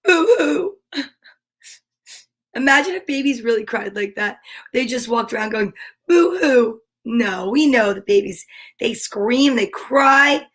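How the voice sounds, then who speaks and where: A woman's voice: on the high side, moderate pace, a bit bright. A woman hosting a children's story time, reading picture books aloud with playful, chatty asides and animal sound imitations.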